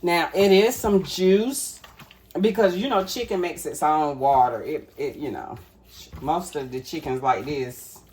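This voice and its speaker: Here a woman with a low, somewhat mellow voice speaks at a measured pace. She's a cooking vlogger making food in her home kitchen, casually talking to viewers she addresses as y'all.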